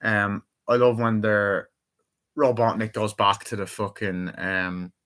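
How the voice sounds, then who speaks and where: A man's voice: lowish voice, little pitch movement, slow pace, a bit bright. A young man chatting casually through a movie review, rambling and swearing freely as he retells favorite scenes.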